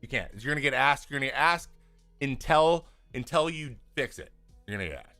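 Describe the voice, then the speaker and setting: Bright-voiced man chatting casually on a stream. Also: medium pitch, brisk, soft background music. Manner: rambling, restarts often, animated when venting. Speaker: podcast host answering viewer questions. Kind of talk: casual live chat.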